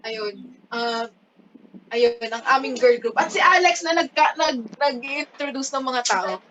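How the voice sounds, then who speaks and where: A woman's voice: sits high, animated, measured pace, a bit bright, slight background noise, poor audio. A woman, the author at her book launch, chatting casually and giggling as she introduces her friends at an indoor party. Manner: giggly, code-switching, self-teasing. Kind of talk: casual chat.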